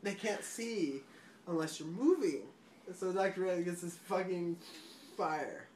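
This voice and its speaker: A drunk man rambling through a movie plot, swearing often, laughing and breaking into sudden loud outbursts. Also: sits high, lively intonation, measured pace, slight background noise. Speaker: storyteller.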